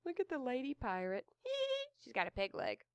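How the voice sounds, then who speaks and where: A woman reading a picture book aloud with expressive gasps of wonder and chatty asides about the pictures. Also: sits high, normal speed, dry recording, lo-fi sound. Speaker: storybook reader.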